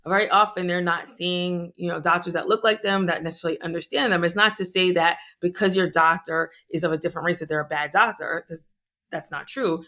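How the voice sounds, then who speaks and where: A woman's voice: on the low side, fairly even intonation, a little fast, sharp tone. A middle-aged woman, a physician guest, talking in a chatty, joking, conversational way. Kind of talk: conversational interview.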